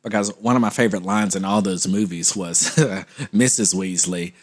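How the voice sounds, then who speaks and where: A man's voice: deep voice, fairly even intonation, normal speed. A man, co-hosting a comedy podcast, telling stories playfully and laughing often. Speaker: podcast co-host. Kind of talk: casual comedic chat.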